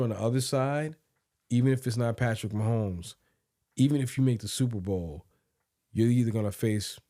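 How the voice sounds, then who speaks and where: Low mellow guy on a podcast, casual sports talk, keeps restarting his words, dry close sound. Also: no echo. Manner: repeats words while thinking. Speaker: podcast co-host.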